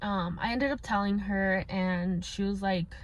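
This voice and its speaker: A woman's voice: mid-range voice, fairly even intonation, measured pace. A young woman telling a painful personal story in a casual, candid way, slipping in Spanish words and using many fillers. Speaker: vlogger.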